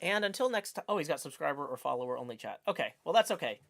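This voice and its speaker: Very fast and sing-song, a Tennessee man with a Southern accent hosts his livestream, rambling casually and using many fillers. His voice is on the high side, creaky, with a fairly bright tone.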